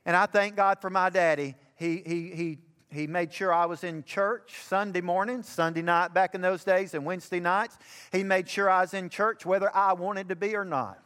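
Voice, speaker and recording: An older pastor preaches in a high voice that climbs with fervent emphasis. His words ring out with a long reverb, as if filling a church sanctuary. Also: fairly bright tone, clear, resonant tone. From Alabama. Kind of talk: sermon.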